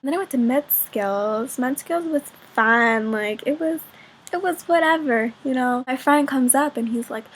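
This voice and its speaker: A teenage girl vlogging in casual chat to the camera, rambling and chatty with a husky voice. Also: on the high side, moderate pace. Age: teens.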